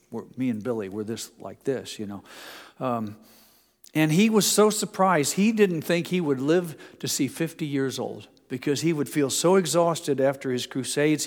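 A man preaching a sermon in a conversational way, often slowing down and dropping to a hush for emphasis. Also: medium pitch, in a large hall. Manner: conversational preaching with many restarts, slows and hushes for emphasis. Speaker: pastor.

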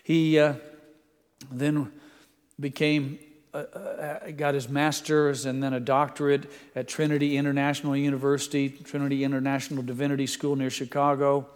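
A man's voice: medium pitch, monotone, moderate pace, clear, resonant tone. Earnest man preaching in a reverberant hall. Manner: earnest, reads quotes aloud, ends in hushed prayer. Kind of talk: sermon reading and prayer.

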